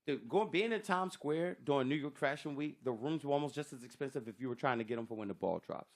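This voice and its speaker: A man who is a stand-up comedian, telling stories in an animated way with casual swearing on a podcast. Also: medium pitch, fast. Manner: animated storytelling, swearing freely.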